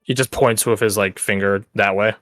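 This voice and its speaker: A man's voice: lowish voice, steady tone, normal speed, a bit bright, dry recording, soft background music. Laid-back man narrating a tabletop game. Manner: loose narration, many fillers like "like". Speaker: game master.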